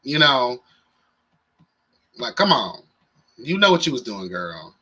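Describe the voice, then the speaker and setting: A man's voice: mid-range voice, big pitch swings, takes it slowly, sharp tone, slightly rough. A man hosting a casual livestream and chatting with viewers in a sassy, playful way. He sounds tired. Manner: sassy and playful, calls viewers "child" and "honey". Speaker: livestream host.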